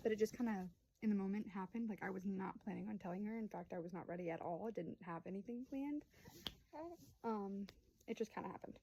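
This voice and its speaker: A woman's voice: medium pitch, a little fast, gravelly, warm tone, slight background noise, low-quality recording. A woman in her early twenties telling a family story to camera in a rambling, chatty way, full of fillers and acted-out quotes. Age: 20s. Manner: acts out voices of family in quotes. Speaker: vlogger and young mother.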